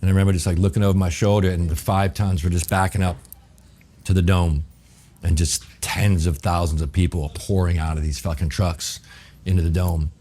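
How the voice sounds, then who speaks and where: A middle-aged guest chef from New Orleans, USA, tells a story during a relaxed interview. His voice is very low and a little fast, and he narrates vividly and profanely, acting out the dialogue as he goes.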